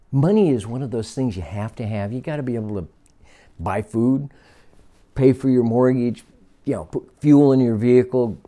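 A man's voice: mid-range voice, warm tone. A man in his sixties from Northern California, a retired fire captain, telling stories in an interview and acting out the lines of people he quotes. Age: 60s. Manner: storytelling, acts out quoted dialogue. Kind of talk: oral history interview.

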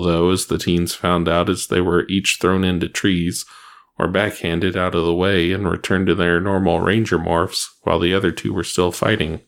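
A man reads an action adventure story aloud at a steady pace. His voice sits very low and carries a gravelly fry throughout, with a plain, even delivery. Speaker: narrator. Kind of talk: reading fan fiction aloud.

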